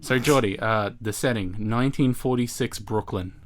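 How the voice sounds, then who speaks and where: A man's voice: on the low side, moderate pace. A man co-hosting a casual comedy podcast, playfully running a made-up role-play scenario and pushing his friend along. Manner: playful, insistent, breaks into laughter.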